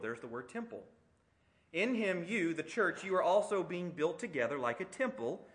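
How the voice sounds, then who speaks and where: A man's voice: a little high, a bit bright. A middle-aged man preaching an expository sermon, conversational and emphatic, with rhetorical questions. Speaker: pastor.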